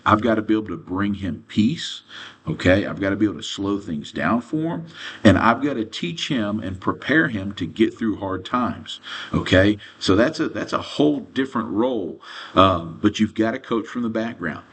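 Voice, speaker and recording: A man teaching as a quarterback coach in an earnest coaching lesson, often pausing to check in with "okay?". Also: lowish voice, husky.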